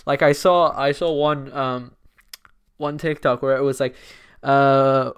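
A man's voice: mid-range voice, steady tone, slow, clean tone, dry recording, studio quality. A young man hosting a casual solo podcast, talking loosely with lots of fillers and frequent swearing. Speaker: podcast host.

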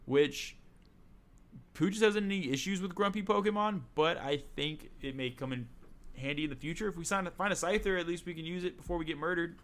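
A man's voice: on the high side, a little fast, fairly bright tone. A man co-hosting a casual chat, recapping a video game with sarcastic jokes and frequent laughs. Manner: joking, sarcastic, laughs often. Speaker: podcast co-host.

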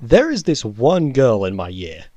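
A man's voice: mid-range voice, sing-song, a little slow, darkish tone, dry recording. A young man rambles through a funny story in casual podcast chat. He trips over his words and restarts often, with chuckles breaking in. The sound is close and dry, with no room around it. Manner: rambling, laughing, self-correcting. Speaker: podcast co-host.

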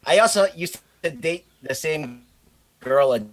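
A man's voice: a little high, animated, a little slow, a little hiss or hum. A man voicing an awkward, crude, paranoid basement-dwelling nerd who hates jocks, through a glitchy robotic-sounding feed. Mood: rambling. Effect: robotic glitchy sound that cuts out.

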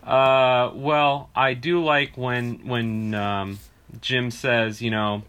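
A man's voice: medium pitch, little pitch movement, drawn-out words, a bit bright, clean tone. A man co-hosting a casual podcast, joking and teasing the others and laughing often. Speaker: podcast co-host.

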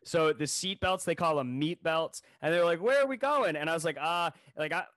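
A man spins a funny anecdote in casual podcast chat, slipping into voices for the people he quotes. His voice sits a little high for a man. The sound is dry and close, with no room around it. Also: moderate pace, no echo. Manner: animated, jokey storyteller who acts out quotes. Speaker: podcast co-host. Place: New York City.

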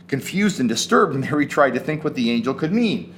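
A man preaching a sermon as pastor, retelling scripture with animated emphasis and casual asides. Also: medium pitch, brisk, few pauses, a little hiss or hum.

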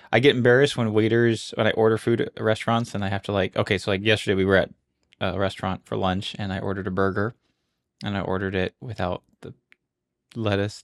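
Gravelly-voiced man in easy podcast chat. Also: fairly low pitch. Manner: relaxed, joking, self-conscious. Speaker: podcast co-host. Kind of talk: casual chat.

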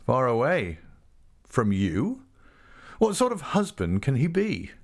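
A man voicing an insistent, hot-tempered gentleman suitor who questions forcefully. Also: medium pitch, huge pitch swings, takes it slowly, pitched above the performer's own voice, exaggerated voice.

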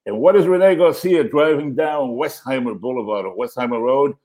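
A man telling a story in casual chat, animated and acting out quotes in different voices. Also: medium pitch, normal speed.

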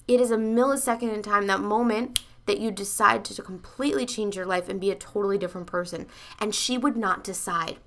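Bright, forceful woman coaching bluntly. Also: medium pitch, steady tone, fairly quick, few pauses. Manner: emphatic, blunt, swears freely, addresses listeners directly. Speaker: podcast host and coach. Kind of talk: motivational podcast monologue.

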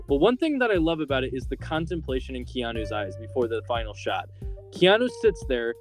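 A man's voice: medium pitch, animated, brisk, faint music behind. A man hosting a podcast, casually recapping a film's plot with lots of filler words. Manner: rambling, filler-heavy storytelling. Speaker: podcast host.

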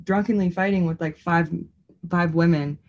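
A woman co-hosting a podcast, with a fairly low voice. She talks in a chatty, expressive way, sprinkling "like" through every thought. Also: normal speed, lo-fi sound. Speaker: podcast co-host. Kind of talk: casual chat.

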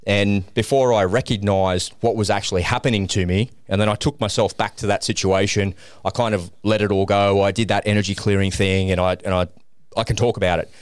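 Middle-aged male podcast guest, low voice, animated storyteller, dry sound. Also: brisk, clean tone, no room sound. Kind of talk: personal storytelling.

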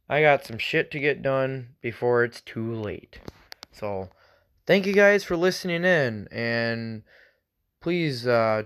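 Rambling, cursing man hosting a podcast. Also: medium pitch. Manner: rambling and loose, swears freely; self-conscious, thinks out loud. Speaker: solo podcast host. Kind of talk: casual solo podcast chat.

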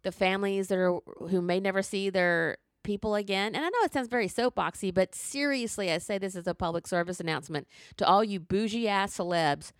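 A woman's voice: mid-range voice, brisk, no echo, studio quality. A middle-aged woman ranting in casual chat, profane and emphatic.

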